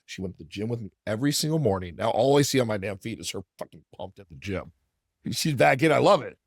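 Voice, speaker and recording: A man's voice: lowish voice, expressive, quick pace, no echo, clean studio sound. A man hosting a podcast, telling a long story in a rambling, casual, profane way. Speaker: podcast host.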